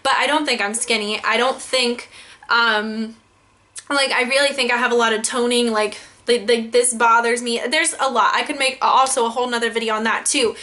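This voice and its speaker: Bright, high-voiced young woman ranting. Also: moderate pace. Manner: exasperated, heavy use of "like", animated quoting. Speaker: vlogger. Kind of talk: casual ranting vlog.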